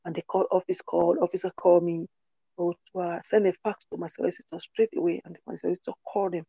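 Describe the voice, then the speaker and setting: A woman recounts her life in an interview, earnest and halting, often restarting her sentences. Her voice is dark and husky. The recording is dry, slightly muffled and lo-fi. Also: lowish voice, steady tone, no room sound. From Cameroon. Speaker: interview guest. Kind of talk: personal testimony in conversation.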